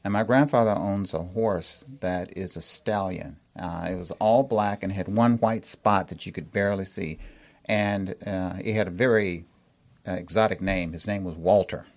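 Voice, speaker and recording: A man being interviewed as a guest author, unhurried and vivid as he tells a story. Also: sits low.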